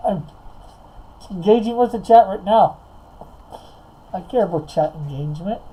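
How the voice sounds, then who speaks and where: Chill stream host guy, mellow voice, rambling on about comics while coloring. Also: high voice, lively intonation, moderate pace, husky, rough recording. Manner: rambling, reads chat aloud, laughs often. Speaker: livestream host. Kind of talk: casual livestream chat.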